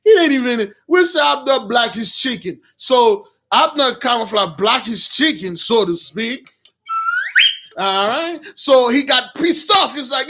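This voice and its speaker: High-voiced man retelling Bible stories casually. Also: animated, a little slow, pushed and bright, husky. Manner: rambling, slangy, many restarts. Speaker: Bible teacher.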